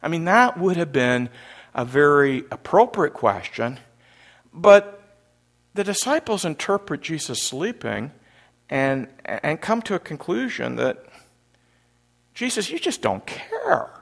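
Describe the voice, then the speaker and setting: A middle-aged pastor from Canada tells the story from the pulpit with a gravelly voice that sits a little high. He swings widely in pitch and leans into the drama, getting loud when he acts out a scene. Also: unhurried. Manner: animated storyteller, acts out panicked disciples loudly. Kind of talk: sermon.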